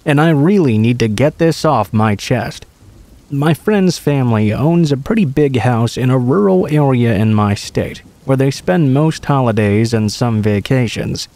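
A man reading true horror stories aloud in a calm, even storytelling manner. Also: medium pitch, no echo. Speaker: narrator. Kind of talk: scripted narration of horror stories.

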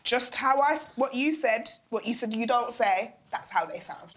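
A woman's voice: fairly high pitch, expressive, normal speed, fairly bright tone. Outspoken woman dinner guest. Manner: frank, outspoken. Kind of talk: casual table talk.

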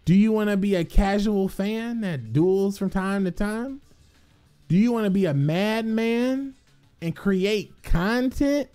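A man's voice: high voice, measured pace, faint music behind. A man, a gaming content creator, rambling casually to his viewers with lots of swearing, slang and laughter. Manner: profane, excitable, laughs often, streetwise slang.

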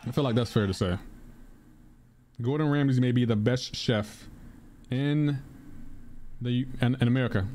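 A man's voice: medium pitch, normal speed, long pauses, dark tone, slight background noise. A man chatting casually on a live stream while gaming, rambling, repeating himself and answering his chat aloud.

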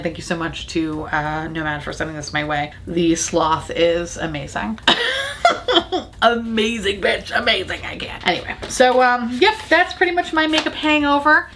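A woman's voice: on the low side, a bit bright, a little hiss or hum. A woman vlogger chatting casually about makeup to the camera, gushing, giggly and swearing freely. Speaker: beauty vlogger. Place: home in Florida.

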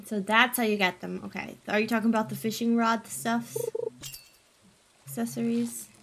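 During a casual gaming livestream, a young woman talks with her chat in a slightly high, fairly bright voice with fairly even intonation and a moderate pace. She's playful and chatty, breaking into gasps, giggles and silly noises, over slight background noise.

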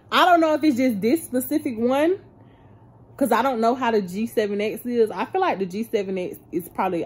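A woman's voice: mid-range voice, a little mellow, breathy edge. A woman in her twenties from Florida, chatting casually and rambling to her viewers in a vlog recorded on a phone. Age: 20s. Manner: chatty, rambling, laughing often. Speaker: vlogger. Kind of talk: casual chat to camera.

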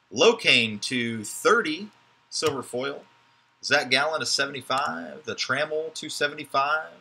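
Slow, sharp-voiced man hosting a card break. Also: mid-range voice, husky. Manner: joking, chatty running commentary. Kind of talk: live card break commentary.

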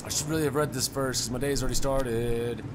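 A man hosting a gaming channel, giving excitable let's play commentary, rambling to himself and swearing when he makes mistakes. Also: mid-range voice, fast, background noise.

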